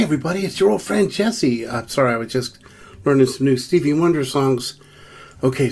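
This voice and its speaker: A man telling a self-deprecating funny story in a chatty way before leading a prayer song. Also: medium pitch. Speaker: musician and comedian. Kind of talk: comic storytelling and sung prayer. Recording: music clearly heard behind the voice. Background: guitar.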